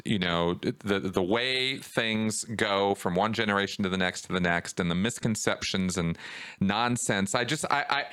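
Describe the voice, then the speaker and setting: Animated, bright-voiced male podcast host. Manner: animated, rises in pitch when worked up. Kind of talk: casual conversation.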